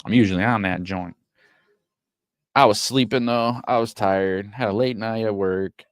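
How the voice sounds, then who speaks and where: A man streaming a watch party, giving casual play-by-play commentary that turns excitable and profane when frustrated. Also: fairly low pitch, a little slow, no room sound, studio quality. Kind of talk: casual live game commentary.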